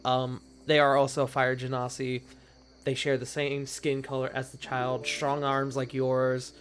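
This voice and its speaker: A man's voice: mid-range voice, a bit bright. A man narrating a tabletop game as game master, in loose, rambling narration with frequent restarts.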